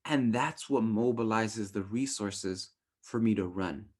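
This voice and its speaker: A young adult man teaching a relationship workshop in a casual, animated way, often acting out quoted thoughts in playful voices. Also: on the low side, measured pace.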